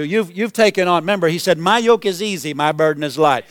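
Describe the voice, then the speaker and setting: A man's voice: a little high, lively intonation, fairly quick, a bit bright, dry recording. A man preaching a sermon as pastor, building to emphatic exclamations.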